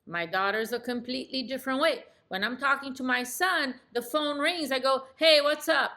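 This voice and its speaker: A middle-aged woman coaching on sales in an animated, demonstrative way. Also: sits high, normal speed. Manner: animated and demonstrative, acts out phone calls. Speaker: real estate sales coach. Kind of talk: coaching lesson.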